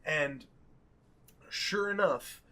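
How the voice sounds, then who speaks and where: A young man with a fairly high voice spins a rowdy story in easygoing podcast chat. He laughs through his lines, swears freely and acts out each person he quotes. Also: expressive, extremely slow, pushed and bright.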